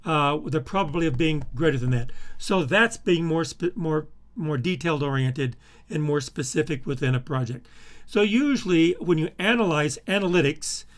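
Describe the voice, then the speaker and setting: A middle-aged male instructor talks through a recorded lesson in a slightly high voice. He speaks haltingly, repeating words and filling pauses with "uh" while he clicks between files. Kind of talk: recorded screen-share lecture.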